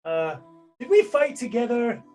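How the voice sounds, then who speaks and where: A game master voicing a drunken, blustering middle-aged king who talks in a raised, gruff, jovial way. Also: mid-range voice, big pitch swings, measured pace, darkish tone, faint music behind, voice pushed up.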